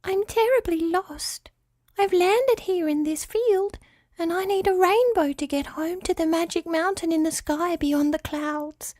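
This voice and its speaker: Tiny scared baby unicorn, woman doing it, super high squeaky voice, dry sound. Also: unhurried, a little mellow, no echo. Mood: anxious. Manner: words gushing out anxiously. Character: frightened little baby female unicorn.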